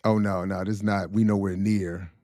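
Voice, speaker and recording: A man hosting a casual livestream chat, animated and slangy, laughing often. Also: low-pitched, normal speed, no room sound, studio quality. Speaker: host.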